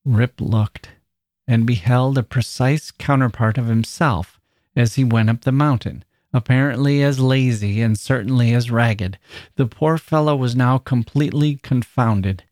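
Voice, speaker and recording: A man's voice: mid-range voice, unhurried, darkish tone, no echo, clean studio sound. Man reading a classic story aloud. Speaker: podcast host.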